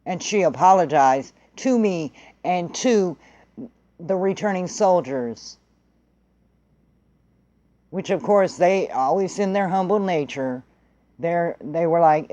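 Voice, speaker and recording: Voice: medium pitch, animated, slow, pauses often, mellow, muffled recording. A vlogger telling a story in a blunt, heated way and swearing freely. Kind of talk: casual profane storytelling.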